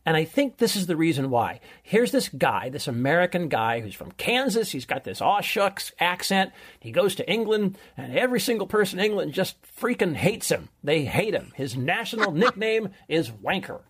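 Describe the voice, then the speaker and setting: Husky enthusiastic middle-aged man. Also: high-pitched, big pitch swings, normal speed, few pauses, fairly bright tone. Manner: enthusiastic, rambling storyteller. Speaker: podcast co-host, film recommender. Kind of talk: casual chat.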